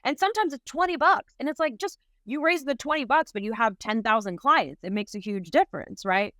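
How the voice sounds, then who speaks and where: A woman from New York talking as a podcast guest, lively and laughing often, dropping "like" and "right?" all through. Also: fairly high pitch, fairly quick, dry recording, clean studio sound. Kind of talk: casual interview talk.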